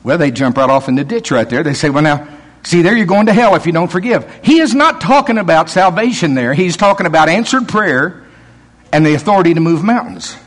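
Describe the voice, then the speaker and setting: A man's voice: on the high side, lively intonation, brisk. A man preaching a sermon, telling stories with acted-out quotes and chuckles.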